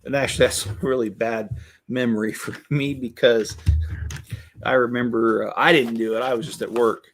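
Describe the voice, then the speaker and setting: A man's voice: mid-range voice, fairly even intonation, moderate pace, a bit bright, a little hiss or hum. Middle-aged man, casual vlog chat, rambling, candid, faint clicks behind. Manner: rambling, candid, many restarts and asides. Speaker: Lego builder and channel host. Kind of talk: casual chat while building.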